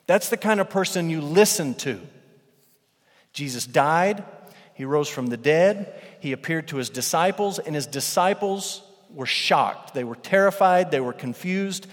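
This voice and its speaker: A man's voice: on the high side, animated, a little slow. A man preaching a sermon as pastor, emphatic, repeating phrases for weight. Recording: long reverb of a large hall.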